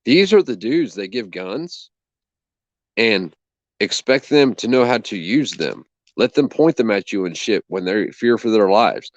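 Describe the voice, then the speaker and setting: A man with a fairly low voice tells a story in a casual, indignant way, swearing freely and acting out what each person said. The sound is dull and lo-fi, dry and close, with no room around it. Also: expressive, a little slow, dry recording. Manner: indignant, profane, acts out both sides of a conversation. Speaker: channel host.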